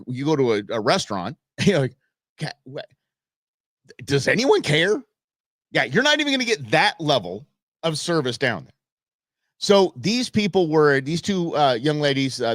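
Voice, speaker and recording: A man's voice: medium pitch, dry recording, studio quality. A middle-aged man hosting a live show, telling a story in a rambling, emphatic way with lots of fillers and restarts. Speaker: show host.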